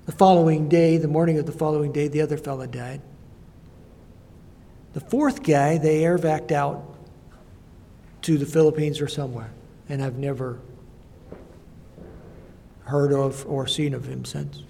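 An older man delivers a sermon as a missionary preacher, his voice husky and mellow yet fairly high for a man. He tells stories in a halting, reflective way, and a long hall reverb trails each phrase. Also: fairly even intonation.

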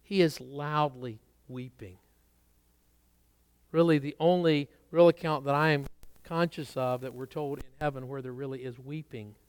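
A man preaching a sermon, rising to strong emphasis and dropping to quiet asides. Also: medium pitch, fairly even intonation, normal speed, clean tone, dry recording. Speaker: pastor.

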